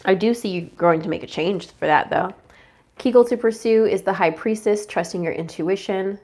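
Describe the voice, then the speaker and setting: A young adult woman reading tarot in a casual, chatty forecast, talking through a stuffy, congested nose with fillers and quick self-corrections. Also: medium pitch, darkish tone. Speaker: tarot reader.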